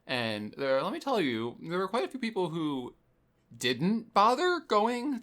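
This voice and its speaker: A man co-hosting a casual gaming podcast, easygoing but getting loud and exasperated when retelling raid moments. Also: high voice, wildly swooping pitch, unhurried. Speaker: podcast co-host.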